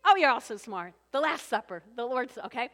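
A woman pastor preaching a sermon in a church, lively and animated, acting out voices from the story. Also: fairly high pitch, a little fast. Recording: long reverb of a church hall.

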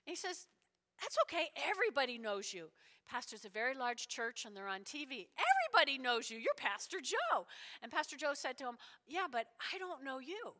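A woman's voice: high-pitched, lively intonation, moderate pace, sharp tone. A woman preaching a sermon, telling a story and acting out the voices of the people in it. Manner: storytelling, acts out quoted voices, emphatic. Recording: long reverb of a large hall.

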